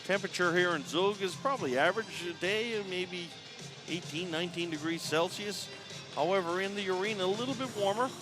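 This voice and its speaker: Man, newfoundland accent, live sports play-by-play, slightly high pitch, chatty and folksy. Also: fairly quick, over music. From Newfoundland, Canada. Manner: chatty and folksy, chuckles between calls. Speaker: play-by-play commentator. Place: commentary spot at the top of an indoor arena.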